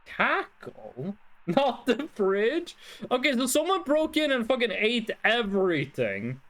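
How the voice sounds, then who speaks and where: Animated streamer thinking aloud. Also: medium pitch, unhurried. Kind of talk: live game stream commentary.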